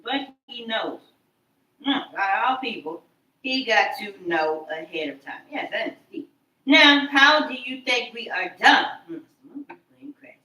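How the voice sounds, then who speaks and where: A woman vlogger delivering an animated, profane, repetitive rant. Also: a little high, a little slow. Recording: roomy sound, far from mic.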